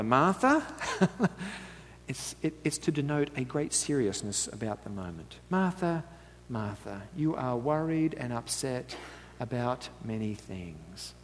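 Chatty man preaching in a reverberant hall. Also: fairly high pitch. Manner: chatty, asks the audience "right?", laughs often. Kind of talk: conversational sermon.

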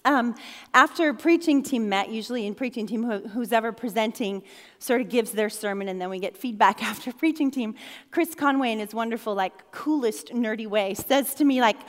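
High-voiced woman preaching in a hall. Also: moderate pace. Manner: playful storytelling, laughs often, conversational. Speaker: pastor. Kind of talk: sermon.

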